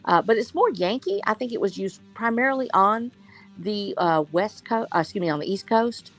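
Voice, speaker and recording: A woman's voice: mid-range voice, animated, moderate pace, fairly bright tone, soft background music. A woman from Texas chatting enthusiastically in a writers' discussion and thinking aloud as she talks. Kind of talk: casual chat.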